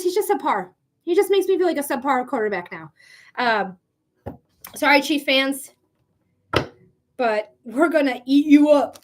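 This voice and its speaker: Blunt, high-voiced woman psychic host. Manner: blunt and profane, laughs often. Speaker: psychic reader hosting a live stream. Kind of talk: casual livestream chat.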